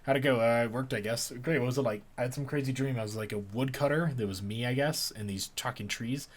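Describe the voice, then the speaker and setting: A man's voice: mid-range voice, a little fast. A man doing casual game commentary, reading the on-screen text aloud with a joking manner. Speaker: gamer.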